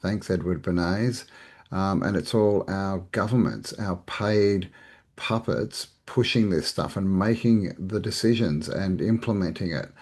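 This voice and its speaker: A man's voice: sits low, measured pace, darkish tone. A man hosting a reaction show, giving casual, rambling commentary with chuckles and restarts. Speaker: reaction channel host. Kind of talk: casual commentary on played clips.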